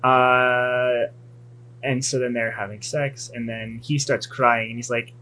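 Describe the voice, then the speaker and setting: A young man hosts casual chat and retells a story in a flat, crude deadpan. His voice has a mid pitch and a bright, forceful edge. A faint hiss and hum sit under the recording. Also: slow, rough recording. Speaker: podcast host. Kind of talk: casual recap of a comic.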